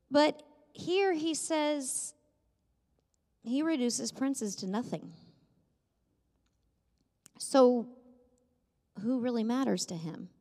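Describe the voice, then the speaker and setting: A woman's voice: medium pitch, a little mellow. A woman preaching a sermon in a church, conversational and self-deprecating with light humor. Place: church sanctuary. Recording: long reverb of a church hall.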